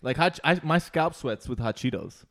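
A man's voice: mid-range voice, moderate pace. A young adult man in a casual chat, telling a story in a loose, profane way with lots of "like". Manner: animated, profane storytelling, heavy use of "like".

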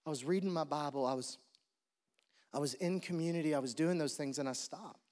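A man's voice: fairly high pitch, a little fast, a little mellow, long reverb tail. A man preaching a sermon as pastor, conversational and repeating his questions for emphasis. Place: church.

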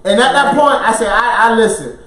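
A man's voice: very high voice, fairly quick, a bit bright. A man co-hosting a podcast, telling a personal story in casual chat, acting out quotes and laughing often. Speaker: podcast co-host. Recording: roomy sound, mic at a distance.

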